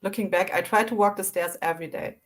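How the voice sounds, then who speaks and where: A woman guest in a casual interview, reflective and animated as she tells her recovery story. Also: mid-range voice, fast.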